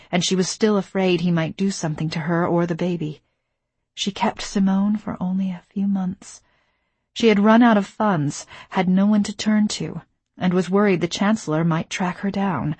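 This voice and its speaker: A woman narrating a novel in the first person, measured and intimate, on a close studio mic. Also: lowish voice, darkish tone, husky, dry recording. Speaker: audiobook narrator.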